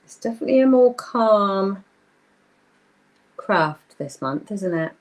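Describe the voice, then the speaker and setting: A woman's voice: medium pitch, animated, slow. A young woman hosting a live craft workshop, chatting casually and greeting viewers by name while she works.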